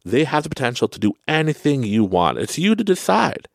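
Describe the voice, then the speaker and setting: A man with a Canadian accent hosting a podcast, giving a casual motivational monologue, animated and laughing often. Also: medium pitch, brisk, vocal fry, dry recording, clean studio sound. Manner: animated, laughs often, tags lines with "right?". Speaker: podcast host.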